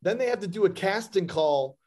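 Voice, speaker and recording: A male actor telling a lively anecdote in an interview, acting out quoted lines. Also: sits high, fairly quick. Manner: animated storyteller, acts out quotes. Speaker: actor guest.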